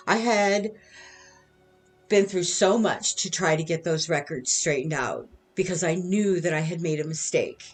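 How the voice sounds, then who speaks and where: Lowish voiced middle aged woman ranting sarcastic at her old bosses, faint music behind. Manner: indignant, sarcastic, with bitter laughs. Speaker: vlogger. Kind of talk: venting monologue to former bosses. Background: soft music.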